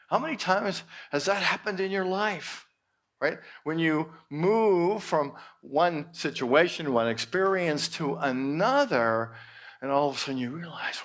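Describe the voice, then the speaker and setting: A male minister preaching at a church service in an expressive way with playful exclamations. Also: a little high, measured pace. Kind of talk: sermon.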